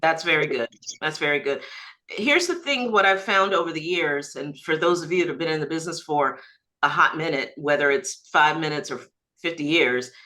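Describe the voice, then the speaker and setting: A woman broker runs a group coaching session over a video call. Her voice is bright and forward, and her delivery is emphatic and animated, with easy laughter. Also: sits low, moderate pace, low-quality recording. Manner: emphatic, lively, laughs easily. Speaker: managing broker leading a training call.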